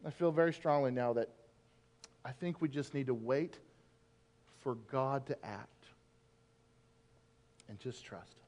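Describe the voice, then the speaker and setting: A middle-aged man preaching a sermon in a church, telling stories and acting out biblical figures with animated shifts of voice. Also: medium pitch, takes it slowly, pauses often. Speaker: pastor. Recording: long reverb of a church hall.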